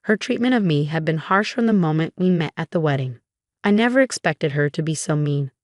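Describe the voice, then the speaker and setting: Reading a family drama told in the first person, this narrator keeps her slightly low voice even and steady at a somewhat quick pace. The sound is close-miked and totally dry, with no echo at all.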